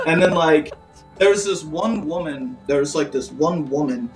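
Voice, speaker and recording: A man's voice: a little high, steady tone, unhurried. A man guest telling a long story in a casual, rambling, profane way, full of fillers. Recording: roomy, distant mic, faint music.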